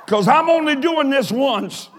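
A pastor preaching a live sermon in a folksy, plain-spoken way, with emphatic bursts of shouting. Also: male voice, extremely high pitch, expressive, a little slow, a faint crowd, a little hiss or hum. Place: large church or college auditorium.

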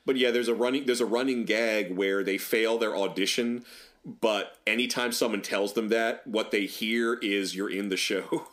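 A man co-hosting a podcast, chatting casually about movies in an opinionated, animated way with sarcastic asides. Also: fairly low pitch, moderate pace. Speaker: podcast co-host. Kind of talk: casual film chat.

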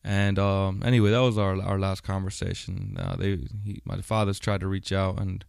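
A man's voice: low-pitched, level tone, normal speed, gravelly, a little mellow, clear, resonant tone, no room sound, studio quality. A man hosting a personal podcast monologue, talking bluntly with heavy swearing, many fillers and a recurring "right?". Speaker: podcast host. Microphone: studio microphone.

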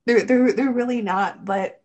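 A woman's voice: a little high, unhurried, darkish tone, highs cut off. A woman hosting a podcast, talking in a blunt, supportive way and swearing freely. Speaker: podcast host. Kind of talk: casual interview chat.

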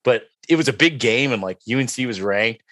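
A man's voice: mid-range voice, brisk, dry recording. A young man co-hosting a casual sports podcast, telling a long self-mocking story with lots of fillers. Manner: rambling, self-mocking, animated when quoting. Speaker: podcast co-host.

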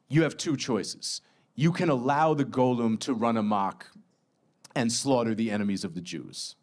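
A male author in a casual book talk. He summarizes his novel in a lively, self-deprecating way. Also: mid-range voice.

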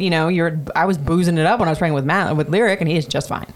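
A woman's voice: lowish voice, animated, very fast, few pauses. A woman in her thirties casually telling a personal story on a podcast, chatty and profane with many fillers. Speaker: podcast host.

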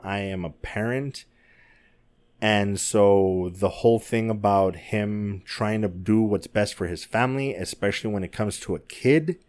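A man's voice: fairly low pitch, darkish tone. A man, a parent, talking casually and emotionally about a movie, swearing often and tripping over his words. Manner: emotional, heavy swearing, stumbling restarts.

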